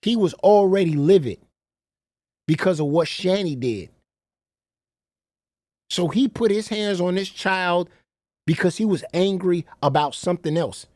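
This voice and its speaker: Man, reaction streamer, mocking and incredulous, lively pitch, dry close sound. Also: measured pace, pauses often, dry recording. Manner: incredulous, mocking, swears freely, repeats "bro". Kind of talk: profane reaction commentary.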